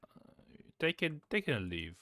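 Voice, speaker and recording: Loud, chaotic man gaming. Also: medium pitch, sing-song, normal speed, dry recording, studio quality. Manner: chaotic, swears, bursts of shouting. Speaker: streamer. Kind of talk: casual gameplay chat.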